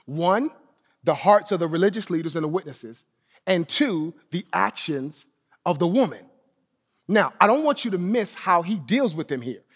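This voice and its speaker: Pastor, male, high voice, emphatic sermon delivery with repeated phrases; long hall reverb. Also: expressive, moderate pace, breathy edge. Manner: emphatic preaching, repeats key phrases, drops to soft low endings.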